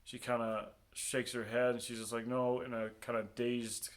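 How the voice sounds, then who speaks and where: A man telling a personal story in a casual, halting way, with many pauses, ums and restarts. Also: medium pitch, flat delivery.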